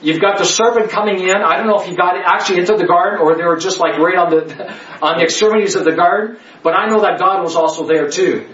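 A man with a high voice leads a Bible study, hammering on key words and asking "okay?" again and again. He sounds echoey and set back from the mic, in a dull, lo-fi recording. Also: quick pace, few pauses, a bit bright, recorded from a distance. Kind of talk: Bible study teaching to a small group. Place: indoor room with a listening group.

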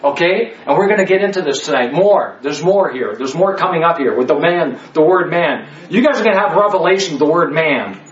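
High-voiced man teaching in an echoey room. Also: animated, brisk, few pauses. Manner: emphatic, repeats key words, keeps asking "okay?". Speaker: Bible study teacher. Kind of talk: Bible study teaching to a small group. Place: indoor room with a listening group. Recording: echoey room, mic far off, dull lo-fi.

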